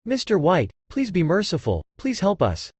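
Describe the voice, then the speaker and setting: A man's voice: sits high, huge pitch swings, moderate pace, a little mellow, slightly rough, dry recording, exaggerated voice. A man voicing a group of elderly people begging for help, in an audiobook. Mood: pleading. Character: pleading crowd of elderly friends.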